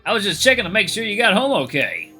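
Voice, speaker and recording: A man's voice: high voice, wildly swooping pitch, fast, gravelly, sharp tone, husky, soft background music, pitched above the performer's own voice, heavily acted. A man voicing a worried young man who calls out to check on his friend. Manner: concerned, calling out.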